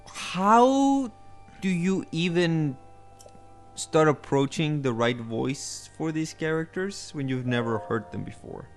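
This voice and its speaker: A slow, slightly high male voice with lively intonation muses aloud on a casual podcast he co-hosts, hesitating often and full of restarts and fillers. Faint music plays in the background.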